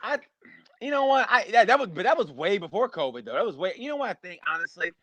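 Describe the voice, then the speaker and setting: A man, a stand-up comedian, telling stories in a rambling, animated way during a casual podcast chat. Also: high voice, fast talker, dry recording, dull audio. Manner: animated, rambling storyteller, acts out voices.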